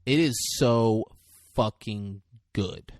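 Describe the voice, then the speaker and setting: A man's voice: on the low side, takes it slowly, darkish tone, dry recording, clean studio sound. A young man hosting a podcast in loose, joking banter, swearing freely. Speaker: podcast host.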